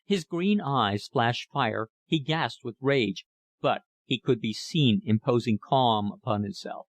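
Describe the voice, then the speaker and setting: The recording is dry, with no room sound, as a medium-pitched male narrator works through a classic novel. His audiobook delivery stays measured and level throughout.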